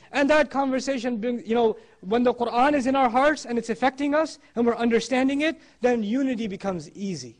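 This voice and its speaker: A man with a notably high-pitched voice delivers a religious talk. He speaks with emphasis and drives his points home by repeating key phrases. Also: expressive, a little fast. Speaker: Islamic speaker.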